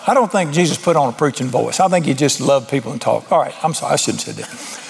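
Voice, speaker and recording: A man's voice: mid-range voice, quick pace, creaky, a little hiss or hum. A middle-aged man preaching an informal sermon, folksy and blunt, with sudden emphatic rises.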